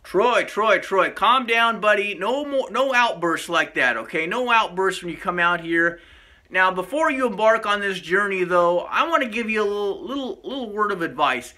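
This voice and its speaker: A man hosting a comic vlog sketch in a mock-serious, fatherly tone. His voice is high and very bright, with a sharp edge. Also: expressive, moderate pace. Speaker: vlog host.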